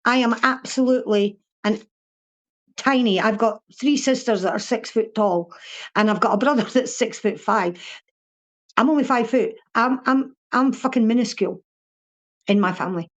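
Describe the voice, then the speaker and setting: A woman's voice: a little high, normal speed, muffled recording. Blunt older Scottish woman from Fife. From Scotland (Fife). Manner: blunt, swears freely, laughs often. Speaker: interview guest. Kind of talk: casual interview chat.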